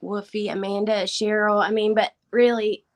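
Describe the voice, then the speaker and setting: A woman hosting a casual livestream in a voice of ordinary middle pitch. She is fighting back tears and keeps slipping into soft whispers. In between she warmly thanks her viewers one by one. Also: level tone, normal speed. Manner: emotional, thanking viewers by name, voice dropping to whispers. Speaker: livestream host. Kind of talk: casual live-stream chat.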